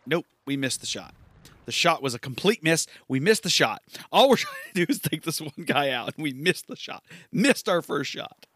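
A man's voice: a little high, very animated, moderate pace, fairly bright tone, dry recording. A man giving casual gameplay commentary for a podcast, rambling, repeating himself and amused at his own play. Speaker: gaming podcaster.

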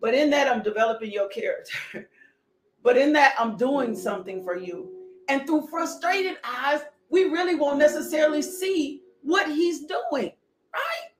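Impassioned high-voiced woman preacher, echoey. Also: animated, a little slow. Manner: impassioned, shouting, laughing and near tears. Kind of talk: sermon. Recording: echoey room with faint music.

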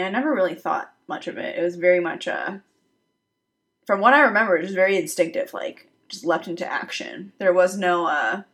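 A woman's voice: medium pitch, a bit bright. A young woman in casual chat with her sister, talking loosely with lots of fillers and a sheepish tone.

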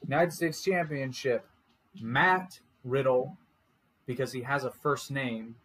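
A man's voice: mid-range voice, normal speed, fairly bright tone, slightly rough, rough recording. A man co-hosting a podcast in casual chat, blunt and grumbling, swearing casually. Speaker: podcast co-host.

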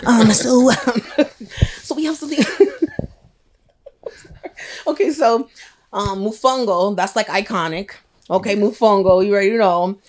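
A young woman from Rico, a guest in casual chat who talks in an animated, profane, joking way. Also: medium pitch, unhurried, long pauses. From Puerto Rico.

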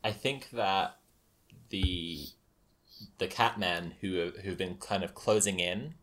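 A man running a tabletop game as game master, narrating haltingly with lots of fillers. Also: deep voice, fairly bright tone. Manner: halting, many fillers and restarts, laughs often.

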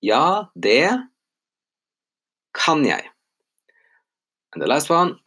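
A man with a husky, slightly breathy voice and a lively, up-and-down pitch gives a relaxed podcast lesson. He is patient, slows down for example phrases and repeats them. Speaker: language teacher and podcast host.

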